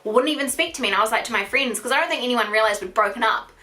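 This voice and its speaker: A woman of twenty-five with a New Zealand accent, speaking in a bright, crisp tone with a slightly high pitch. She tells a personal story to camera in a frank, conversational way, peppered with "like.". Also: racing. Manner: frank and chatty, heavy use of "like". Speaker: vlogger. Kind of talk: candid storytime monologue.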